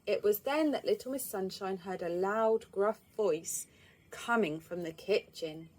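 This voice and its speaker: A woman, reading a children's storybook aloud in an expressive, lively way. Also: mid-range voice, measured pace.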